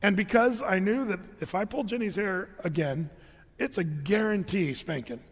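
Brief: male pastor, lighter high voice, lively conversational sermon with humorous asides, long hall reverb. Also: moderate pace, slightly rough. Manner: animated, conversational, joking asides. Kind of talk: storytelling sermon.

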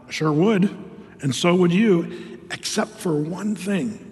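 An older man preaching a sermon as pastor, reading scripture and answering imagined objections in an animated way. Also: high-pitched, a little slow, in a large hall.

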